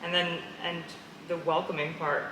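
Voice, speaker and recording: A woman in a casual interview conversation, an animated storyteller who laughs often. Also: lowish voice, normal speed. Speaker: guest. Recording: echoey room with clear background noise.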